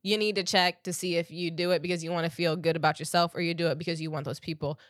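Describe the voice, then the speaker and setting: Woman guest, earnest and animated, fairly low voice, dry close sound. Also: fast talker, no echo. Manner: earnest, animated storytelling with many "like"s. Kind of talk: conversational interview.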